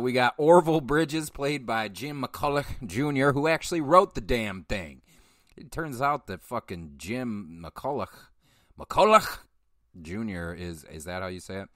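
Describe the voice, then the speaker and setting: A man's voice: medium pitch, unhurried, a bit bright, no room sound, studio quality. A man hosting a film podcast, chatting casually in a rambling, profane way and often correcting himself. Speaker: podcast host. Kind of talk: casual film review chat.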